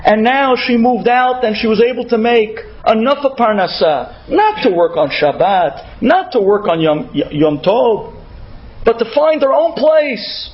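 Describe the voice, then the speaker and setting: A male rabbi telling an inspirational story in an animated way, sprinkling in Hebrew words. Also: extremely high pitch, unhurried, muffled recording.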